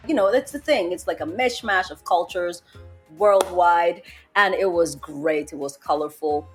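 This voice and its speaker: A young woman from Nigeria hosting a podcast, chatting casually and telling an animated story, laughing often. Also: mid-range voice, brisk, breathy edge, soft background music. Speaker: podcast host. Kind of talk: casual chat.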